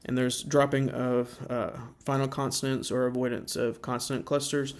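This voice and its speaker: A man giving an informal slideshow presentation, halting with many fillers and slowing down to sound out example words. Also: medium pitch, flat delivery.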